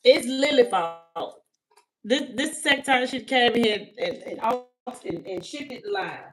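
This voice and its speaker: A woman's voice: fairly high pitch, lively intonation, measured pace, fairly bright tone, rough recording. A woman tarot reader on an emotional live stream, talking to her viewers, repeating herself and close to tears. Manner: spiritual, ends with a prayer.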